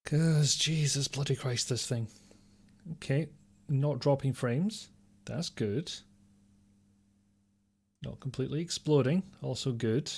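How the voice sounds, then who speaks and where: An Englishman hosts a live game stream in a loose, rambling way, chatting to viewers and swearing mildly now and then. His voice sits at an ordinary middle pitch. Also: takes it slowly, vocal fry, long pauses, a little mellow, husky. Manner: rambling, talks to chat, mild swearing. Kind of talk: casual live-stream chat.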